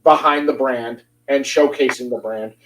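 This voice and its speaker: A man's voice: mid-range voice, steady tone, moderate pace, a bit bright, low-quality recording. A man hosting an interview show, teasing his guest in an easygoing, casual chat. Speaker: show host.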